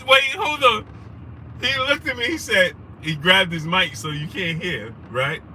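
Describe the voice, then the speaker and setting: A young man, hosting a casual livestream, telling a story animatedly and shouting out viewers. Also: high-pitched, animated, a little slow. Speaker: livestream host. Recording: noisy street background.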